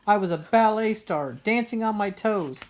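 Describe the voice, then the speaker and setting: A high, squeaky little girl bear cub from a storybook, excitable and quick to take fright, as a woman reader puts her on. She wails and rises sharply in pitch when scared. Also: a little hiss or hum, lightly acted. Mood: upset.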